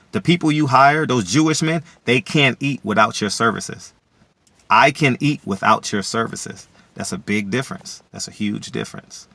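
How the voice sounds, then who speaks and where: A man giving opinionated solo commentary to camera, boastful and repetitive, now and then bursting into loud shouts. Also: on the low side, no echo. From DC area, USA. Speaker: vlogger and boxing commentator.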